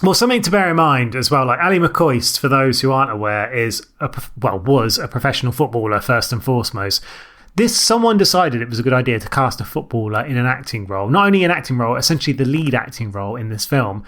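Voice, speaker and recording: A man co-hosting a film podcast, talking at length in a quick, explaining way. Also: mid-range voice, animated, a bit bright. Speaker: podcast co-host. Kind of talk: casual film chat.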